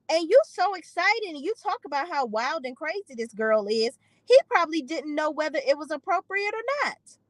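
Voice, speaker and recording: A woman with a high voice gives a sassy, opinionated recap of a reality TV episode, putting on voices for the people she quotes. It's casual recap commentary, captured on a low-quality recording with no echo.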